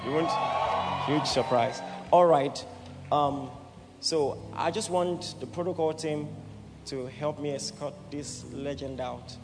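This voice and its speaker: A man's voice: a little high, steady tone, slow pace, slight background noise. A man preaching as a pastor, leading an altar call with emphatic, repeated calls to the crowd. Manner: emphatic, repeats "did you hear what I said". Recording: echoey hall with music behind.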